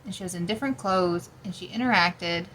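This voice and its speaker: A woman's voice: fairly low pitch, brisk, fairly bright tone, rough recording. A woman vlogging as she researches folklore, thinking aloud, sleepy and snacking, often trailing off. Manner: snacking while talking. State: sleepy, yawning. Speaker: paranormal lore vlogger. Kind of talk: casual research vlog.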